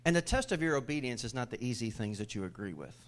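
A male pastor preaching a sermon, calling out questions to the congregation and making humorous asides, jumping much higher and louder when he voices scripture characters. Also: very animated, fast.

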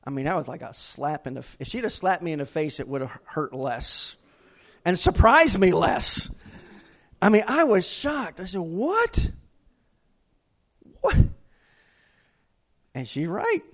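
Middle-aged man, pastor, folksy self-mocking preacher, a touch high-pitched. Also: animated, moderate pace, fairly bright tone. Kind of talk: sermon.

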